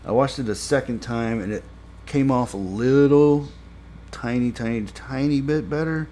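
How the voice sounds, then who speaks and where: A man's voice: mid-range voice, moderate pace, warm tone. A man giving a casual spoken review of a TV episode. He rambles with many fillers and grows exasperated when he complains.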